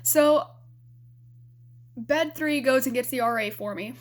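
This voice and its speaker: A woman's voice: sits high, slow pace. A young adult woman vlogging, telling a personal story in a candid, rambling way with lots of fillers.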